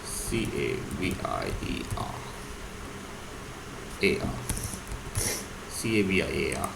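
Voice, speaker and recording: A man's voice: extremely low pitch, very animated, takes it slowly, creaky. A man teaching vocabulary casually, explaining words and spelling them out. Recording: echoey room, faint hum.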